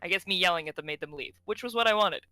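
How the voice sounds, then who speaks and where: A woman's voice: fairly low pitch, racing, sharp tone, no room sound, faint music behind. A woman playing a tabletop role-playing game. She talks brashly, laughs often and swears freely. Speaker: player.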